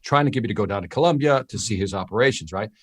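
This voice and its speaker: Animated storyteller man from Chicago. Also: lowish voice, rapid-fire, dry recording, studio quality. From Chicago, USA. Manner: animated storyteller, frequent "right?" check-ins. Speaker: podcast co-host. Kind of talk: casual storytelling chat.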